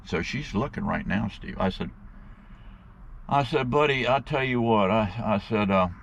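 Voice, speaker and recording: A man with a somewhat low, gravelly voice tells a long story in a loose, animated way. He talks to his viewers as guys and uses folksy slang. Faint outdoor noise and passing vehicles sit behind him. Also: normal speed, muffled recording. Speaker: vlogger telling stories to his viewers. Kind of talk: rambling casual storytelling.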